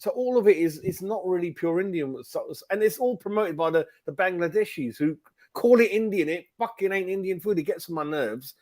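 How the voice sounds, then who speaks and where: A man's voice: sits high, animated, fairly quick. Blunt, opinionated man. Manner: blunt and opinionated, swears freely. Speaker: podcast co-host. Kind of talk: casual pub-style chat.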